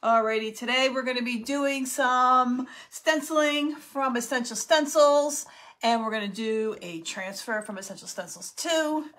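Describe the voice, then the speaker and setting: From her craft room at home, a middle-aged woman from New Jersey runs a chatty crafting livestream. She welcomes viewers warmly by name and frequently gasps and laughs, speaking at a measured pace in a fairly high voice.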